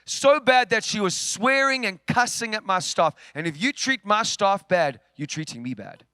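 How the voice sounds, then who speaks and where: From the pulpit of a church, a male preacher with a high, bright voice tells a story as part of his sermon, swinging between loud, forceful lines and near-whispers. His tone is clear and resonant, his intonation lively and his speed normal. The sound is close and dry, with no echo.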